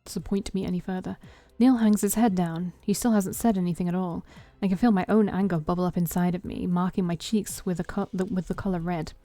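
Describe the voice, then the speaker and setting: Woman streamer, low mellow voice, expressive story-game narration with slips. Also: brisk, few pauses, dry recording, faint music behind. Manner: expressive first-person narration with self-corrections. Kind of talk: reading a story game aloud.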